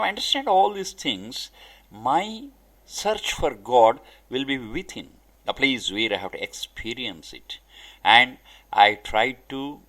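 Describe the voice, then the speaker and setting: A man giving a spiritual discourse, speaking deliberately in short emphatic phrases. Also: medium pitch, a bit bright. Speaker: spiritual teacher.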